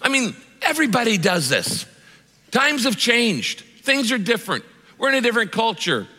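A man's voice: very high voice, very animated, normal speed, breathy edge, pitched above the performer's own voice, exaggerated voice. A male preacher voicing Satan as a sly tempter who turns into a scornful accuser, in a long reverberant hall. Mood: coaxing. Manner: coaxing, then loud and scornful.

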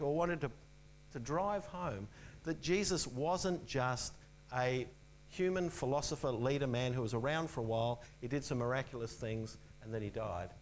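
A man preaching a sermon in an earnest, emphatic way, repeating key phrases and dropping to a soft low voice on the important ones. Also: slight background noise, rough recording.

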